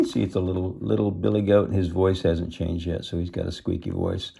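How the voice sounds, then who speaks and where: A man reading a storybook aloud to children, pausing to explain words and show the pictures. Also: low-pitched, monotone, creaky, warm tone, breathy edge.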